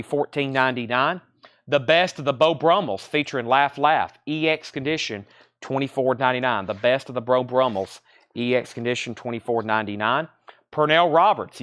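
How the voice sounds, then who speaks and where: A man hosts a live-streamed record sale and reels off albums, conditions and prices in a steady, practiced patter. His voice sits at an ordinary middle pitch and sounds worn out and a little breathless. It is recorded close up and dry, with no room sound. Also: smooth, no room sound. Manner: rattles off titles, grades and prices in a steady patter. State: tired, out of breath.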